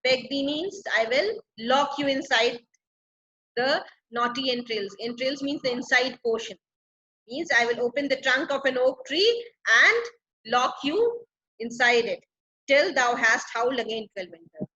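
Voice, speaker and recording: A woman's voice: sits high, lively intonation, measured pace, pushed and bright, lo-fi sound. A woman teacher explaining a play line by line, paraphrasing and repeating each phrase for clarity. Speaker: English literature teacher.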